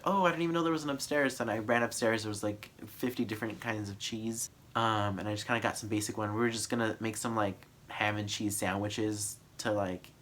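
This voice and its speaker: A man's voice: lowish voice, fairly bright tone, a little hiss or hum. A young man casually telling a travel story on his vlog, rambling with lots of filler words. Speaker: vlogger.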